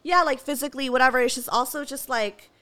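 A woman's voice: high voice, fast talker, bright, forceful tone, clean tone. A young woman in her twenties co-hosting a podcast, talking casually with lots of fillers and restarts, supportive of her friend. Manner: hesitant, many fillers, supportive. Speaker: podcast co-host. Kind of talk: casual chat.

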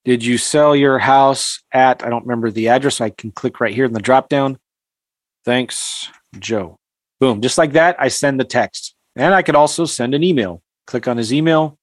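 A middle-aged man teaches investors over a video call, walking through software step by step in a blunt, repetitive way. His voice sits at an ordinary pitch. The sound is dry and close. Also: fairly quick, hardly any pauses, no room sound. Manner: direct, repetitive, drops "boom" as he clicks. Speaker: real estate investing coach. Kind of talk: live screen-share software tutorial.

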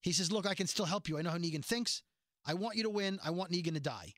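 Studio-quality and echo-free, the recording features a man with a high voice. He casually recaps a TV episode as a podcast host, jumping into quick, animated voices for the quotes.

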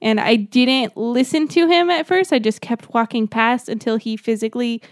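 A woman's voice: on the high side, moderate pace, no echo, studio quality. A young woman co-hosting a podcast in casual chat, telling stories in a laid-back way and laughing often. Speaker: podcast co-host.

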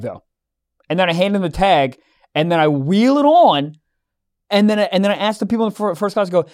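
A young man with a notably high-pitched voice co-hosts a casual podcast. He tells stories in an animated way, acts out both sides of the exchange, and swears without holding back. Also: quick pace. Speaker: podcast co-host. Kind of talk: casual storytelling chat.

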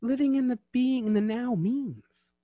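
A man's voice: very high-pitched, unhurried, dark tone, no echo, highs cut off. A man hosting a casual chat show who talks in a rambling, digressive way and slips into French. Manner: chatty and digressive, switching into French. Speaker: podcast host.

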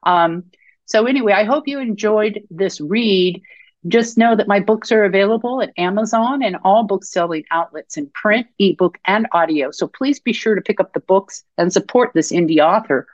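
A woman podcast host and author reading her own fiction aloud in a measured storytelling voice. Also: medium pitch, dry recording, lo-fi sound.

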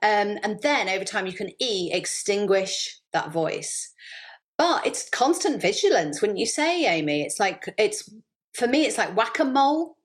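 A woman talking as a podcast guest in a chatty, animated storytelling way. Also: mid-range voice, measured pace. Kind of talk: casual interview chat.

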